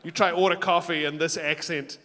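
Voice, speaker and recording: A man's voice: a little high, steady tone, brisk, bright, forceful tone. A man with a non-American accent hosting a college talent show, cracking rambling self-deprecating jokes on stage. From outside the United States. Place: stage in a hall with audience. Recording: long hall reverb.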